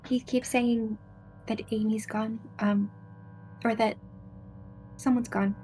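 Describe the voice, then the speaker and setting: A woman's voice: on the high side, flat delivery, slow, a little mellow, faint music behind. A woman playing a tabletop game, speaking hesitantly with fillers and restarts. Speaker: player.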